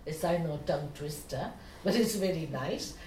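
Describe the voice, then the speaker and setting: A middle-aged woman, a meditation teacher telling a spiritual story in an animated way, often saying "you know". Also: sits low, normal speed. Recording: echoey room, distant mic, faint hiss.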